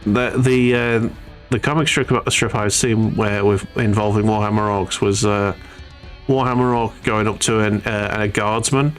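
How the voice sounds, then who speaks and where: A man's voice: fairly low pitch, fairly even intonation, measured pace, faint music behind. A man hosting a hobby painting stream in casual chat, stumbling and repeating words and laughing easily.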